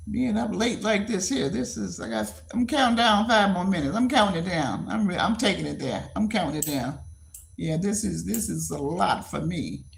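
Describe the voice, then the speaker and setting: Gravelly woman in her seventies livestreaming. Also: on the low side, normal speed. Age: 70s. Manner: blunt, repeats herself, talks straight to viewers. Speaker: livestream host. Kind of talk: casual livestream chat.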